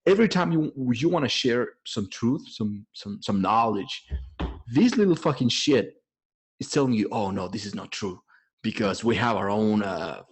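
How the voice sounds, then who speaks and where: Man, podcast host, husky voice, profane, animated casual chat. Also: fairly low pitch. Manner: profane, fast, animated, laughs often. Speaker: image consultant.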